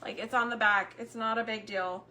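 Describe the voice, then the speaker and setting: Chatty woman with a bright voice. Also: fairly high pitch, fairly even intonation, normal speed, slight background noise. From Texas. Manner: chatty, warm Southern drawl with frequent fillers and word searches. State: slightly hoarse throat. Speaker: homemaking livestream host. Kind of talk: casual livestream chat.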